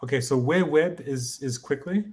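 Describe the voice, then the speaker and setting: Halting male learner, mid-pitched voice. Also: darkish tone. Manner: halting, guesses aloud and asks to repeat. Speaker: co-host and learner. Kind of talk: casual teaching chat.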